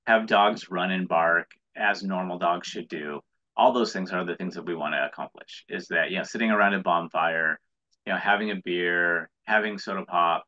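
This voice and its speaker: On dull lo-fi audio, an entrepreneur with an American accent chats as an interview guest in a deep, bright, forceful voice. The talk is casual, and he rambles earnestly, frequently starting his sentences over.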